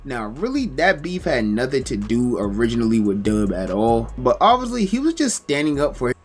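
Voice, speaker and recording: A man's voice: medium pitch, moderate pace, slightly rough. A man narrating a recap video in a scripted storytelling manner. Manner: storytelling recap with lively inflection.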